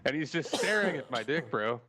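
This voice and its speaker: A man's voice: mid-range voice, a little fast. A man hosting a podcast, telling a long, profane story in a casual way and laughing between lines. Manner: animated, profane anecdote with laughter. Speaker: podcast host.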